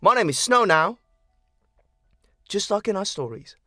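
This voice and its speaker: A man voicing a tough young woman adventurer who is gruff but caring, talking loudly and bossily. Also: sits high, big pitch swings, unhurried, dry recording, clean studio sound, faint music behind, pitched above the performer's own voice, full character voice. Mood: proud. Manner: loud, bossy, scolding.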